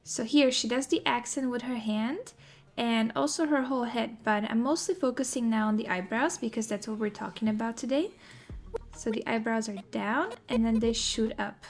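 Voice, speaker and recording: A woman teaching animation in a recorded tutorial, explaining in a clear, methodical way. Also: fairly high pitch, moderate pace. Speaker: animation instructor.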